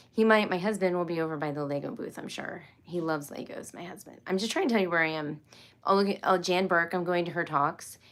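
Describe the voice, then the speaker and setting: A middle-aged woman hosting a casual livestream for homeschool viewers, tired and a bit loopy, rambling, giggling and apologizing as she talks. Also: lowish voice. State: tired and loopy after a long workday.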